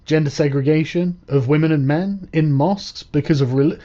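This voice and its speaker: A man's voice: on the high side, moderate pace, dark tone, a little hiss or hum. A man giving profane, sarcastic reaction commentary on clips, mocking as he goes. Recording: dull lo-fi audio.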